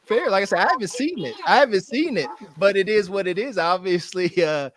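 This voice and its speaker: A man's voice: high voice, expressive, a little fast, crowd noise. A man from Pittsburgh co-hosting a podcast, teasing and laughing often in casual chat. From Pittsburgh, United States. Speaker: podcast co-host.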